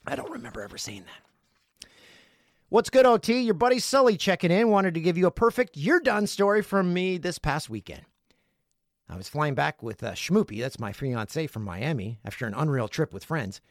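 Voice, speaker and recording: A middle-aged man hosts a casual podcast. His voice sits a little high and swings up and down with animated, jokey energy as he reads out listener mail. The sound is close and dry, with no room around it. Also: moderate pace, dry recording. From Canada. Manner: playful, jokey, lively delivery. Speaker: podcast host. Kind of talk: casual podcast monologue reading listener messages. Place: home studio.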